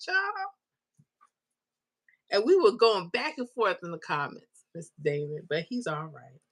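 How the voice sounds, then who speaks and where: A woman's voice: on the low side, animated, normal speed, a bit bright, dry recording. Emotional woman live-streaming. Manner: emotional, tearful at times, talks straight to viewers. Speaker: lottery numbers YouTube host. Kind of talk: live-stream chat reading comments.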